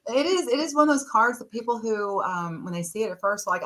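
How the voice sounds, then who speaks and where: Bright-voiced woman telling stories. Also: fairly high pitch, big pitch swings, measured pace. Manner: warm storyteller, laughs often. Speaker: podcast guest, tarot reader. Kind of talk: casual interview talk.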